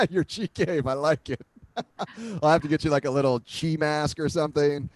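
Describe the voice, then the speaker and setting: A man's voice: fairly high pitch, normal speed. A man from Philadelphia hosting a podcast, chatting casually, joking and laughing often. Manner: animated, jokey, laughs often. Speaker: podcast host. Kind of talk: casual chat interview.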